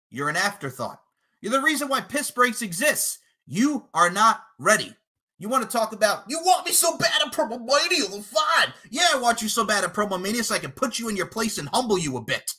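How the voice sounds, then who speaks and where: A man cutting a boastful, profane wrestling trash-talk promo, taunting his opponent and breaking into shouted lines. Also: high voice, husky. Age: adult, podcasting eight years. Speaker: podcast promo contestant.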